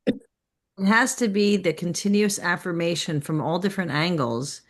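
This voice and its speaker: Low-voiced woman with a cold. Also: normal speed. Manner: thoughtful, builds her point with examples. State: has a cold, clearing her throat. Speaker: class participant.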